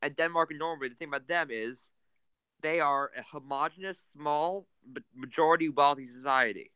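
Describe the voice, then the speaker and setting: A man, a podcast host, in a casual political chat, cutting in with quick remarks. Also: fairly high pitch, bright, forceful tone, clean tone, no room sound, low-quality recording.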